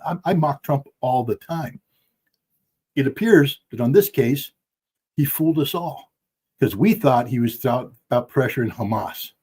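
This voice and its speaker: A man's voice: medium pitch, lively intonation, a little slow, a little mellow, husky. A middle-aged man giving heated, emphatic podcast commentary from home, blunt and impassioned. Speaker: guest commentator. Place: at home with dogs.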